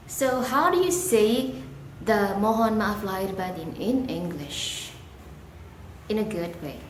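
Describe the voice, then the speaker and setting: A woman whose first language is Indonesian, teaching an English lesson in a slow, deliberate way with emphatic questions. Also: mid-range voice, animated. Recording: echoey room with background noise.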